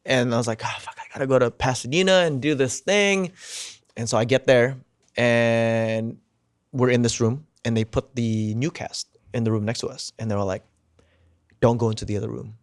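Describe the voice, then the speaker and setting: A man's voice: mid-range voice, moderate pace, clear, resonant tone, no echo, studio quality. A man as a podcast guest, telling a story casually and with energy, swearing freely and acting out what people said. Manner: animated, swears casually, acts out quotes.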